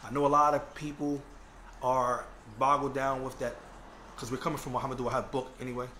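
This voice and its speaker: A man's voice: medium pitch, little pitch movement, brisk, pushed and bright, a little hiss or hum. A man delivering a religious lecture, earnest and conversational, often checking in with his listeners. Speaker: Islamic lecturer.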